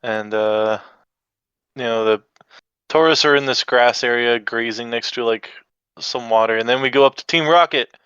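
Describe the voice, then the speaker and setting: A man's voice: mid-range voice, moderate pace, fairly bright tone, clean tone, no room sound, lo-fi sound. A man guesting on a podcast, recapping an episode in a laid-back, rambling way. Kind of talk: casual chat.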